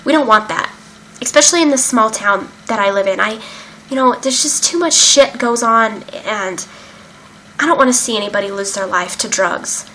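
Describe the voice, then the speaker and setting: A young adult vlogger talks openly about her recovery, her slightly high, somewhat bright voice moving at normal speed. The casual account is emotional and candid, full of fillers with some swearing mixed in. Slight background noise runs under the low-quality recording.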